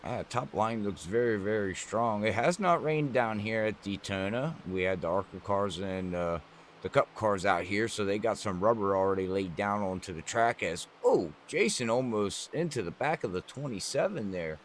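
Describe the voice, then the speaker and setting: A man giving color commentary on a sim racing event, rambling through relaxed analysis. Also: on the low side, normal speed, slight background noise.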